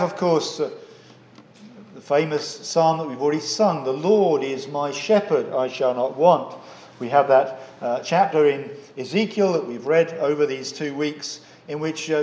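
A man's voice: on the high side, a little mellow. Earnest male preacher in an echoey church. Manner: measured, earnest, with frequent "uh" fillers. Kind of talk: sermon.

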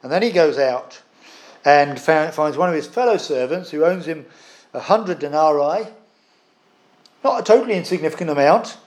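Earnest preacher man, slightly high voice. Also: animated, moderate pace, long pauses. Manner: earnest, frequent "uh" fillers and restarts. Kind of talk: sermon.

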